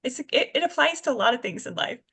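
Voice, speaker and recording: A woman's voice: high-pitched, expressive, fast, a bit bright, slightly rough. A woman in her fifties, a guest in an interview, telling her story earnestly with many fillers and restarts. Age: 50s. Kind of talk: casual interview chat.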